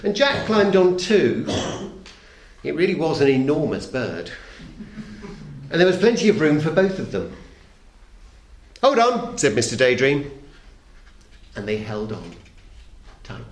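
A middle-aged man reading a children's story aloud to an audience, playful and expressive, dropping very soft for suspense. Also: medium pitch, unhurried. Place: talk hall. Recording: echoey hall.

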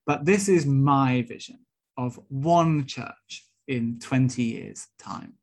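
A man's voice: mid-range voice, slow, darkish tone. A young Welsh man, a minister-elect, delivering a sermon-style talk with earnest, rhetorical storytelling. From Wales.

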